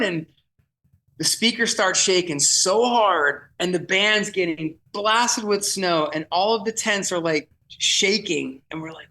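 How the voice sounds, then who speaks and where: Man, bright tense voice, slightly high, animated storytelling, frequent restarts. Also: measured pace, low-quality recording. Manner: vivid, excitable retelling with frequent restarts. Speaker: festival producer guest. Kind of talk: animated storytelling in podcast chat.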